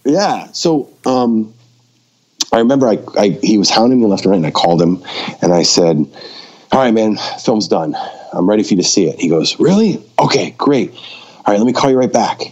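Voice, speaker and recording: A man's voice: fairly low pitch, fairly quick, lo-fi sound. A man, a documentary filmmaker on a podcast, tells a story casually and acts out the people he quotes. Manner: animated, acts out quoted dialogue.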